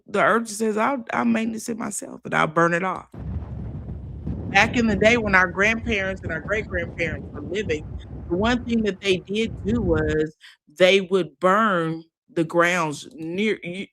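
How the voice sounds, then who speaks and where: A woman's voice: lowish voice, a bit bright, a little hiss or hum. A woman hosting a casual news commentary show, folksy and chatty, talking straight to her listeners. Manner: chatty, folksy, addresses listeners as y'all and child. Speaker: host.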